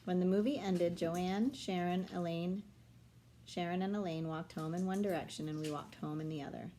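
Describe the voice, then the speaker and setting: A woman reading a children's novel aloud with a low-set voice. She tells the story steadily, switching into the children's voices for dialogue. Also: fairly even intonation, moderate pace, dark tone, slight background noise. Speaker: reader.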